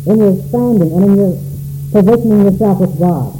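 A man's voice: high voice, animated, moderate pace, warm tone, echoey room, soft background music, rough recording. A man preaching a sermon in a church, calling out questions dramatically to the congregation. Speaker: pastor.

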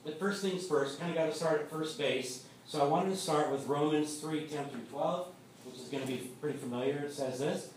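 A man's voice: on the high side, brisk, slight background noise. A man preaching a sermon as pastor, speaking in a conversational way and often repeating words as he starts a thought. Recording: echoey room, from far off.

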